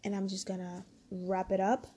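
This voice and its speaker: A woman's voice: medium pitch, completely flat delivery, normal speed, dark tone, breathy edge. A woman casually telling a personal story, rambling and full of "like" as she quotes what people said.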